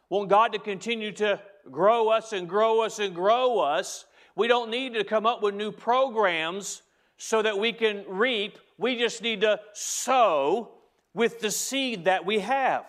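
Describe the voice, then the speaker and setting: A man's voice: high-pitched, a bit bright. A man preaching a sermon as pastor, speaking to the congregation directly and driving home key phrases by repeating them.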